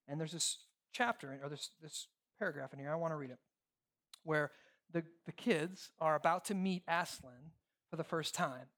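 Male pastor, lively sermon voice, dramatizes scripture quotes. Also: on the high side, normal speed. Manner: animated preaching, acts out quoted voices, rhetorical "right?".

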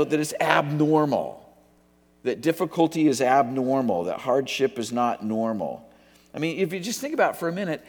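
A middle-aged man preaching in a relaxed, joking way, drifting off topic and then coming back. His voice sits in a middle register. It rings with the long reverb of a big hall. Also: mid-range voice. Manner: casual, joking, wanders off topic. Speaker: pastor. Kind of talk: sermon.

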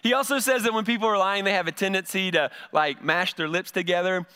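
A middle-aged man preaching a sermon to his congregation in a folksy, animated storytelling way, acting out the voices in his stories. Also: high voice, fairly quick, smooth. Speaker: pastor. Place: church service before a congregation.

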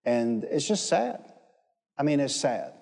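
A man's voice: medium pitch, sing-song, slow pace, vocal fry, darkish tone. A man preaching a sermon, emphatic, repeating phrases and calling on the congregation to respond. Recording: echoey hall with long reverb.

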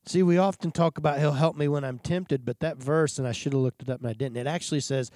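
A man's voice: fairly high pitch, dark tone, dry recording, clean studio sound. Earnest man preaching a confessional sermon. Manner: earnest, confessional, pauses and sighs between thoughts.

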